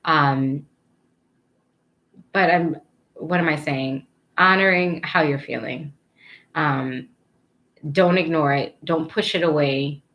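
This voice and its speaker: Lady doing a chill card reading, kinda low voice, rambly and encouraging. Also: takes it slowly, long pauses, lo-fi sound. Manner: rambling, loses her thread, lots of fillers; encouraging, earnest. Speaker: tarot card reader. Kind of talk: casual spiritual guidance reading.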